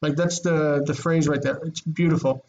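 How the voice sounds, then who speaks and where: A man's voice: fairly high pitch, steady tone, moderate pace, a little mellow, lo-fi sound, a little hiss or hum. A man teaching a Biblical Hebrew grammar lesson online, explaining with eager enthusiasm and thinking aloud. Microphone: video call.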